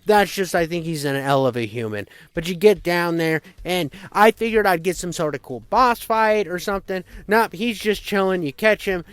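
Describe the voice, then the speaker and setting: A man's voice: high-pitched, moderate pace, hardly any pauses, a bit bright, smooth, no room sound. A man giving casual commentary on a retro game, riffing with crude, profane jokes and asides. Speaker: game reviewer.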